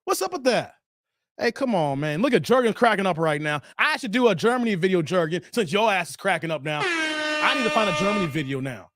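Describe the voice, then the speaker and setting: Host: man, high voice, dry close sound, jokey livestream chat reading. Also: fairly bright tone, no room sound. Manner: joking, reacts to viewer comments.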